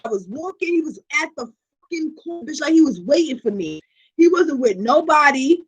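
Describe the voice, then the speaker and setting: A woman hosting her channel, telling a personal story in a casual vlog with animated, profane delivery and constant check-ins with her viewers. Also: sits high, lo-fi sound. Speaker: tarot reader and channel host.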